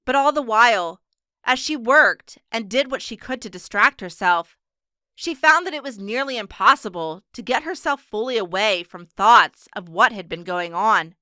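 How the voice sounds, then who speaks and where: A woman narrating an audiobook in a steady, measured storytelling manner. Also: a little high, no room sound, clean studio sound. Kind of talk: scripted narration.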